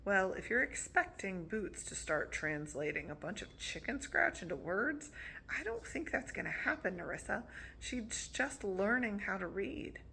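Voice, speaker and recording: A woman's voice: mid-range voice, sing-song, a little slow, gravelly, sharp tone, slight background noise, heavily acted. A woman reading a wry, kind young boy.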